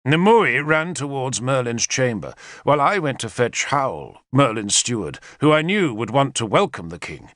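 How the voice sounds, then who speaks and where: A man reading a historical novel aloud as narrator, in a measured first-person storytelling manner. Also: mid-range voice, no room sound, clean studio sound. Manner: measured storytelling with lively intonation. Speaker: audiobook narrator.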